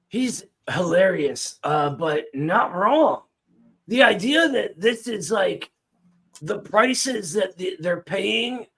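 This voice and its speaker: A man's voice: high voice, a bit bright. A man hosting a reaction show, talking in an exasperated, dismissive way. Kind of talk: casual reaction commentary.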